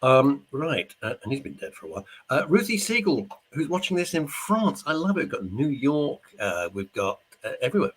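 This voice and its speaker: A man's voice: mid-range voice, very animated, brisk, hardly any pauses, fairly bright tone, husky. A middle-aged man hosting a radio show, chatting casually and jokingly while reading out listener messages. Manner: chatty, jokey, rambling. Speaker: radio host. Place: studio.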